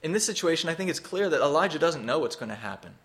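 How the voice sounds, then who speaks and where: A man's voice: a little high, big pitch swings, fast, a bit bright. A man preaching a sermon, teaching through a scripture passage in an earnest, expository way, rising for emphasis.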